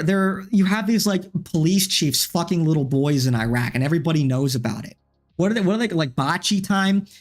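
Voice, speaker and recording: Man streaming, fired-up rant, frequent swearing, slightly high voice, faint music behind. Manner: heated, frustrated, profane. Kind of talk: livestream commentary rant.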